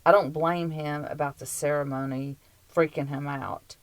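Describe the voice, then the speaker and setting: A woman's voice: deep voice, steady tone, normal speed, no echo, low-quality recording. A woman co-hosting a podcast in casual chat, blunt and dry-witted with her opinions. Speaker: podcast co-host.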